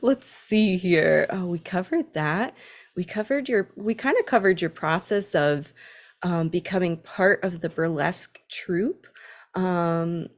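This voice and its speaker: A woman's voice: on the low side, takes it slowly. A woman hosting a podcast interview, friendly and giggly, sometimes losing her train of thought. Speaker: podcast host. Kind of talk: casual interview chat.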